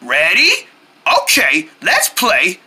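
A woman voicing a cheerful, excitable young boy who talks straight to child viewers in a sing-song way. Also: lowish voice, takes it slowly, husky, heavily acted. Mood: playful. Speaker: children's show character. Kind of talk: children's cartoon voice acting.

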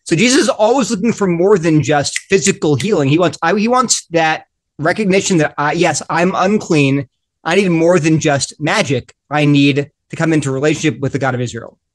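A man, a guest author in a panel discussion, explaining with lively, acted-out quotes. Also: a little high, moderate pace.

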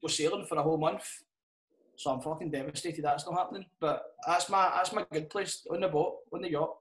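A man's voice: on the high side, fairly even intonation, brisk, fairly bright tone. A Scottish man and comedian chatting casually on a podcast, swearing a lot and laughing through his stories. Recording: roomy echo.

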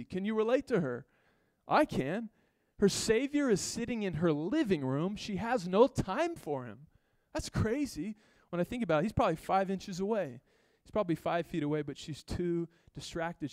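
This is a male pastor's sermon, delivered in an animated, conversational manner with quick asides to the people in the pews. His voice is high-pitched, and the recording is dry.

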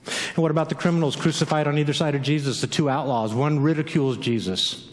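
High-voiced pastor preaching with animated flair. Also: male voice, quick pace, long reverb tail. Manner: animated, conversational preaching with acted-out quotes. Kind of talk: sermon. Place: church sanctuary.

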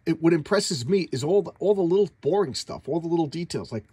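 A man casually reviewing an old comic book, talking eagerly but haltingly, with lots of restarts and repeated words and the odd self-doubting aside. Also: on the high side, expressive, warm tone, slightly rough.

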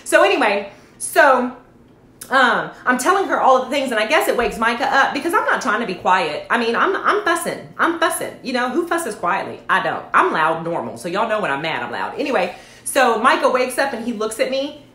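A woman tells a rambling story to her livestream viewers, peppering it with asides. Her voice sits somewhat high, and the room around her is echoey. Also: a little fast. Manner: chatty, addresses viewers as y'all, animated asides. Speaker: network marketing livestream host. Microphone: phone or webcam livestream.

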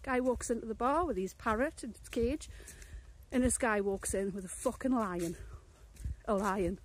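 A woman telling a crude pub joke in a deadpan, matter-of-fact way, swearing casually. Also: a little high, moderate pace, a little hiss or hum. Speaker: joke teller.

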